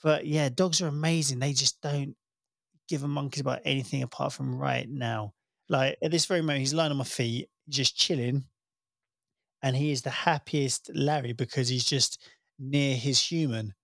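A man's voice: mid-range voice, fairly even intonation, moderate pace, creaky, fairly bright tone, no room sound, clean studio sound. A man, co-hosting a casual podcast, laughing often and telling stories animatedly. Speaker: podcast co-host. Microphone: podcast microphone.

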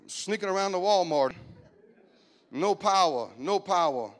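A middle-aged pastor with a Cajun accent preaches with humor, his voice sitting high for a man. He keeps the sermon joking and animated, breaking into loud whoops and shouts. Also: brisk, a faint crowd.

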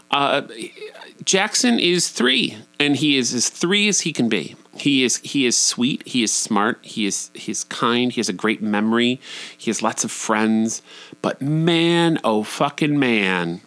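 A man's voice: lively intonation, measured pace, a bit bright. Candid man telling a personal story. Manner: candid and profane, with sudden high jumps in pitch.

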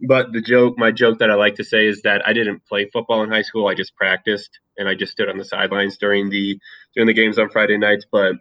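A man with a slightly low voice talks a little fast, and the sound is lo-fi. Relaxed and talkative, he chats casually about a movie and his school football days, rambling a bit and using many fillers.

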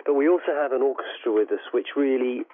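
A man's voice: mid-range voice, fast talker, a little hiss or hum. A middle-aged man with a slight southern English accent, answering radio interview questions enthusiastically and rambling with restarts. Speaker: guest musician. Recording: tinny phone line.

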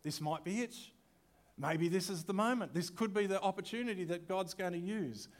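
Conversational pastor preaching. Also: male voice, high-pitched, moderate pace. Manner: conversational preaching with rhetorical questions. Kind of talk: sermon.

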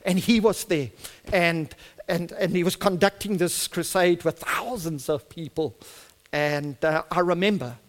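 A man's voice: a little high, long reverb tail. A middle-aged man with a South African accent, an Afrikaans speaker, preaching a sermon with fervent delivery that builds to emphatic peaks.

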